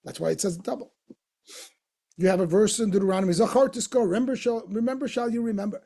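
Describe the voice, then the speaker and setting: Rabbi teaching a text class, husky and gravelly, explains by asking questions and repeating points. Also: male voice, sits high, fast, warm tone. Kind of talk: Torah lesson lecture.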